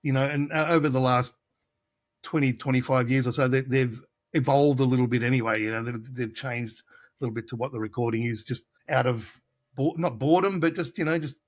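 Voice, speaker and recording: A man's voice: medium pitch, brisk. A middle-aged man from Australia, a guitarist telling casual studio anecdotes in an interview, acting out the voices of people he quotes. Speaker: guest guitarist.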